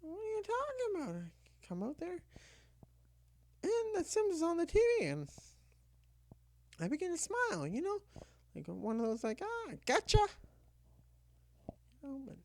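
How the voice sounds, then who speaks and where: Woman storyteller, high lively voice, casual comic anecdote, plays out her own lines, dry close sound. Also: normal speed, long pauses, no echo. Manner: animated, constantly saying "you know".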